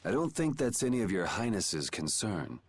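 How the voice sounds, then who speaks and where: A man's voice: lowish voice, sing-song, moderate pace, breathy edge. An actor voicing a sardonic young male swordsman in a video game, with a dry, curt, dismissive manner. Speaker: game character.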